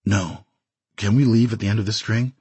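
A man voicing a curt, subdued man in his forties, his voice husky, in a dry recording. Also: fairly low pitch, fairly even intonation, normal speed, a little mellow, no room sound.

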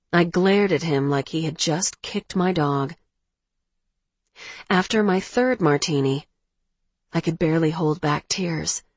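A woman narrating a first-person romance audiobook in a measured, emotional way. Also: on the low side, husky, no echo.

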